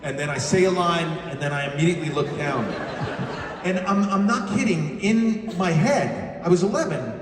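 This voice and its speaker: A man's voice: sits high, expressive, normal speed. A man on stage telling a rambling, self-deprecating, heartfelt story to a live audience. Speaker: panel guest. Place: large hall on stage. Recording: echoey hall, distant mic, faint noise.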